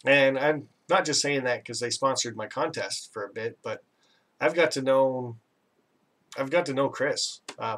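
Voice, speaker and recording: A Canadian man hosts a relaxed live chat, rambling along and poking fun at himself as he reads out viewers' comments. His voice sits at an ordinary middle pitch and is picked up from a little way back from the microphone. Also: distant mic. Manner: chatty and rambling, self-teasing, laughs often. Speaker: live stream host.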